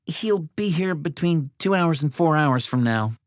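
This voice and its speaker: A weary young woman on a road trip answers tersely, voiced by a male narrator. The voice is pushed well above the narrator's own pitch, with lively rises. It sounds close and dry. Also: measured pace, no room sound. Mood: guarded. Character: tired young woman traveler, blunt.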